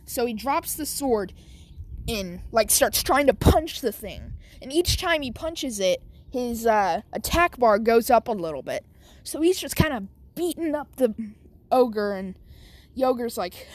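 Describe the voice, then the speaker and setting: A woman narrates a fan story off the cuff, pausing and searching for words as she goes. Her voice sits somewhat high, and she speaks slowly and loosely. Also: lively intonation. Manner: halting, full of "like" and "um".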